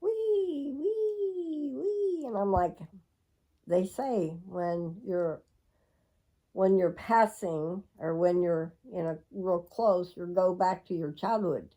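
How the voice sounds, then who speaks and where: A woman's voice: lowish voice, fairly even intonation, takes it slowly, dark tone, highs cut off. A middle-aged woman telling a rambling, reflective personal story to her viewers. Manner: rambling, reflective, with frequent laughs. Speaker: vlogger.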